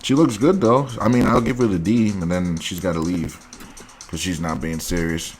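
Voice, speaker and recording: Blunt, low-voiced male dating host. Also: moderate pace, faint music behind. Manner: blunt, crude and mocking. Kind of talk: reaction commentary on dating profiles.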